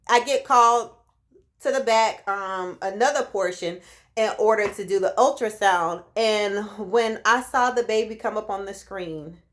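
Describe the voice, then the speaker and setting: A woman in her late thirties telling a personal story in a casual vlog, lively and acting out what people said. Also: mid-range voice. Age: 30s. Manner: animated, acts out quoted voices. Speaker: vlogger.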